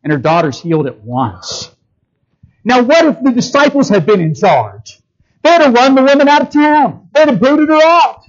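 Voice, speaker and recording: A man preaches a sermon in a very high, very animated voice at a normal speed, though the audio sounds dull. He speaks emphatically, throws rhetorical questions at his listeners, and acts out the quotes he reads.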